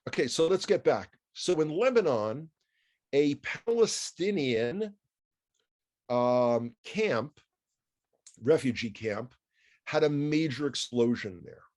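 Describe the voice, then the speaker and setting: A man's voice: on the high side, lively intonation, slow, long pauses, darkish tone. A man with a New York accent giving a chatty news commentary, wry and full of asides and rhetorical questions.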